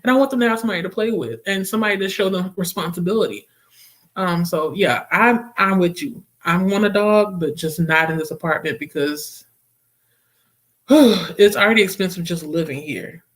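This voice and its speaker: A woman's voice: fairly low pitch, moderate pace. A young woman hosting a casual book livestream, chatting expressively with viewers, reading their comments aloud and laughing often. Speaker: booktube livestream host.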